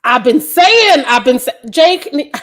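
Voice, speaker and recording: A woman's voice: high voice, animated, unhurried, fairly bright tone. A woman co-hosting a casual podcast chat, blunt and profane in her opinions. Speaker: podcast co-host.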